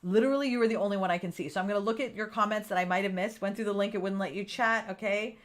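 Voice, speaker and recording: A woman in her thirties chats casually with viewers on a live stream. She is animated and laughs often. She acts out her own thoughts in quoted bits. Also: mid-range voice, rapid-fire. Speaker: livestream host.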